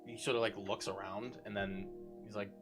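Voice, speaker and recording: A man's voice: fairly low pitch, little pitch movement, normal speed, music in the background. A man narrating as game master of a live tabletop game, rambling with lots of fillers. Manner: rambling, filler-heavy, amused.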